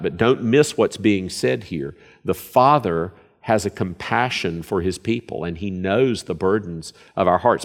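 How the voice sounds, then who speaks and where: A man preaching a sermon, earnest and emphatic, often repeating phrases for stress. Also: low voice.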